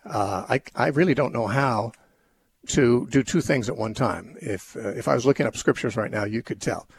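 A man's voice: mid-range voice, vocal fry, a little hiss or hum. A man hosting a call-in radio show, answering Bible questions in a thoughtful, rambling way with many restarts.

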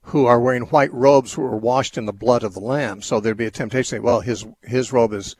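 A man's voice: medium pitch, fairly even intonation, a little fast, a little mellow, breathy edge, no room sound. A man hosting a call-in radio show, answering Bible questions in a thoughtful, rambling way with many restarts.

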